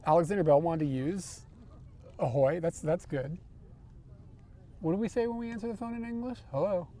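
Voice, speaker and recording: A man's voice: sits high, normal speed, warm tone. Man, casual livestream chat, outdoors, clip-on mic, laughs a lot, rambling stories, faint background hiss. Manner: laughs often, rambling anecdotes. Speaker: livestream host. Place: outdoors, riding scooters. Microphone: wireless clip-on microphone.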